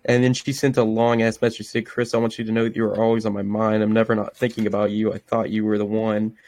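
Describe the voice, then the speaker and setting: A man's voice: fairly low pitch, completely flat delivery, fast, a little mellow, no room sound. Young man reading texts aloud, dry sound. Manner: swearing, stops and restarts himself. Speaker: podcast host. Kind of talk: casual chat, reading text messages aloud.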